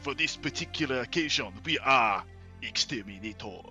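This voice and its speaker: A man voicing a boastful, pompous gentleman adventurer with a put-on French manner. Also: medium pitch, animated, moderate pace, soft background music.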